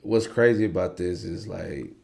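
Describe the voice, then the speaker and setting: A man hosting a casual interview, talking in a relaxed, rambling way with many restarts. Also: low-pitched, moderate pace, gravelly, slight background noise. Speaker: podcast host.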